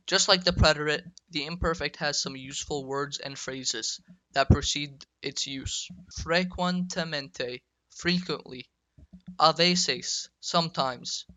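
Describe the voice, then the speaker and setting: Slow, bright-voiced man teaching grammar. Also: fairly high pitch, no echo, low-quality recording. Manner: slow, deliberate, spells out endings, asks viewers to take notes. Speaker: Spanish grammar lecturer. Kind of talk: student-made lecture video.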